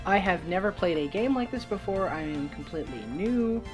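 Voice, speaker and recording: A woman's voice: fairly low pitch, lively intonation, brisk, over music. A woman giving casual let's-play commentary, hesitant and full of fillers. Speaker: gamer.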